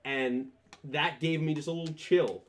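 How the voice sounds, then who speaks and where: A man's voice: a little high, steady tone, moderate pace, a crowd in the background. A man co-hosting a casual podcast, retelling scenes with animation. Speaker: podcast co-host.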